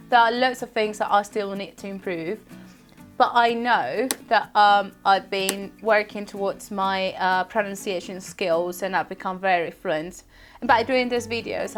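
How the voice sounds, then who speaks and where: A woman's voice: medium pitch, steady tone, moderate pace, soft background music. A woman whose first language is Spanish, speaking with a posh English accent and talking to camera in an earnest, encouraging way. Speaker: language vlogger. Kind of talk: casual talk to camera.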